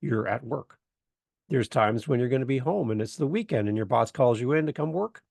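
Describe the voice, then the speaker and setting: A man's voice: medium pitch, a little fast, creaky, no echo, clean studio sound. A man from Canada, a guest on a podcast, chatting casually and telling stories with jokes. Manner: joking, animated storyteller. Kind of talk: casual interview chat.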